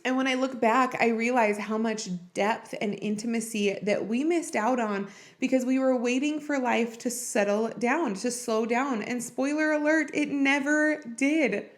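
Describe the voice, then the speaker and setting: A woman's voice: on the high side, a little slow. A woman hosting a podcast, speaking in a heartfelt, personal and encouraging way about faith and marriage. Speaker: podcast host. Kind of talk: earnest faith-based marriage talk.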